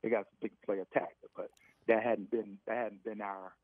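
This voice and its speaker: Over a tinny phone line, a middle-aged ex-NFL receiver guests on casual sports radio, speaking emphatically and repetitively and restarting his phrases. His voice is lowish, level and moderately paced, and the recording is fully dry.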